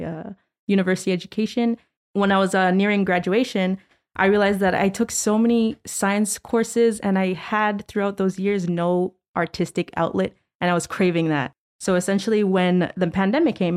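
A young woman with a somewhat low voice talks in a relaxed, chatty way as an interview guest. She is from Montreal and leans on fillers like "essentially" while laughing easily. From Canada, Montreal. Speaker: guest artist. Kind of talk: casual interview chat.

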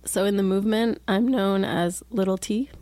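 A woman answering interview questions in a guarded, deadpan, secretive manner, hesitating with ums. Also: medium pitch, moderate pace, no room sound. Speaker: anonymous interviewee.

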